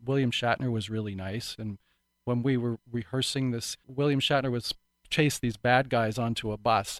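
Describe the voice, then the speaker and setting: A man's voice: medium pitch, dry recording. A middle-aged man who is an actor, telling his life story candidly in an interview, reflective and earnest with frequent restarts.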